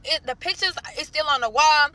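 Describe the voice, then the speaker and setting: Cursing without restraint and calling her audience y'all, a young woman from St. Louis spins a long, dramatic storytime vlog. Her voice sits high and sounds pushed and bright.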